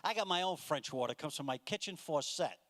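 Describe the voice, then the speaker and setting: A man's voice: on the high side, a little fast, fairly bright tone, a little hiss or hum. A man doing a stand-up comedy routine on a stage mic, exasperated and mocking, acting out the people in his jokes. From United States. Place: comedy club stage with a live audience.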